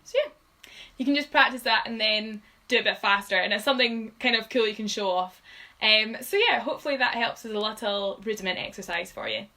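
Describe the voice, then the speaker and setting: A woman's voice: a little high, fairly quick, sharp tone, low-quality recording. Patient woman teaching drum rudiments. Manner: patient, counts beats aloud, frequent ums. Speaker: drum tutor. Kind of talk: live-streamed drumming lesson.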